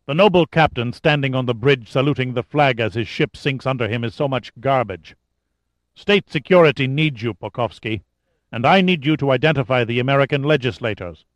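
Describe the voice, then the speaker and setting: A man's voice: medium pitch, fairly quick, no room sound, close to an everyday voice. A man reading a cold, ruthless male KGB agent who speaks in clipped, commanding orders.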